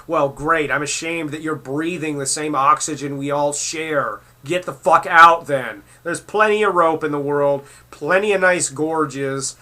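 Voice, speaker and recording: Man ranting hotly, sharp bright voice. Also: a little high, measured pace, few pauses. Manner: profane, heated and mocking. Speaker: commentary vlogger. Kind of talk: angry rant reacting to clips.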